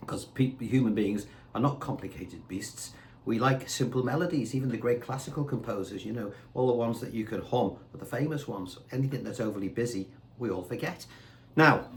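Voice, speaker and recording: A man's voice: mid-range voice, slight background noise. A man giving a casual guitar lesson, talking in a chatty way and asking rhetorical questions. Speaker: guitar teacher. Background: faint guitar and backing tracks.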